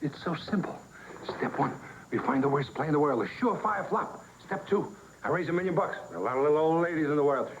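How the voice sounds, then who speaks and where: A brash scheming Broadway producer. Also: male voice, a little high, expressive, dull audio, background noise. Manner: fast-talking, persuasive, wheedling. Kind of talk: 1960s film comedy acting.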